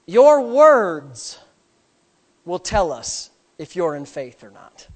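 A man preaching a sermon as pastor, repeating phrases in a rhythm, calling for amens, and swinging between hushed asides and loud outbursts. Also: sits high, sing-song, slow. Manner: repetitive, rhythmic phrasing with calls for amen.

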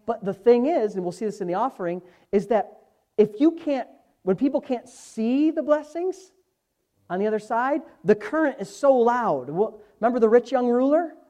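A man preaching a sermon as pastor, impassioned, moving from quiet asides to loud exhortation. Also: very high-pitched, lively intonation, moderate pace.

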